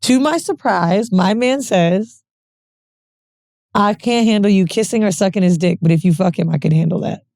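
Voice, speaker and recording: A woman co-hosting a podcast, telling a frank, profane story with animated quoted dialogue. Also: mid-range voice, normal speed, no room sound, studio quality. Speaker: podcast co-host. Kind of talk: casual storytelling chat.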